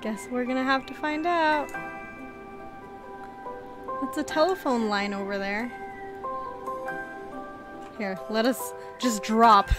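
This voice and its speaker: Woman, gaming host, casual playthrough commentary, giggly, high voice, slow pace. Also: over music. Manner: excitable, giggly, gushing exclamations.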